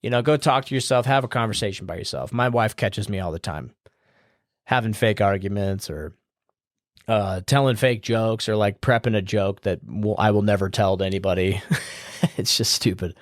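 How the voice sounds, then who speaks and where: A man's voice: lowish voice, moderate pace, dry recording. Upbeat man hosting a podcast, dry sound. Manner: loose and rambling, with fillers and casual swearing; upbeat and smiling. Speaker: podcast host. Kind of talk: casual advice monologue.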